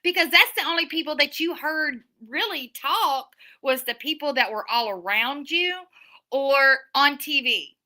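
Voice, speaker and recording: A middle-aged livestream host from the American South talks in a high, unhurried voice. She's a chatty, animated storyteller who keeps restarting her sentences while casually going through comments from her viewers.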